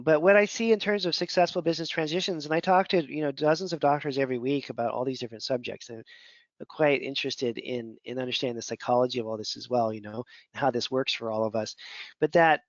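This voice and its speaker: Male mentor, slightly high voice, chatty and meandering, dull lo-fi recording. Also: no echo. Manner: conversational, rambling, many fillers. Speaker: functional medicine mentor. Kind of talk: casual teaching talk. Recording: dull lo-fi audio.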